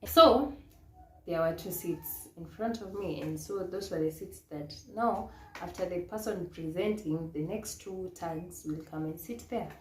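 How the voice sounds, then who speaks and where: Kenyan woman, pageant coach, lowish mellow voice, lively storytelling, echoey room, faint hiss. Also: unhurried. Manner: animated, laughs often, mixes in Swahili. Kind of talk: casual storytelling vlog.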